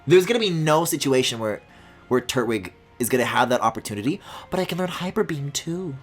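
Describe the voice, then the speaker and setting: A woman streaming a video game, chatting casually and swinging between loud squealing outbursts and low mutters, swearing often. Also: lively intonation, brisk, faint music behind.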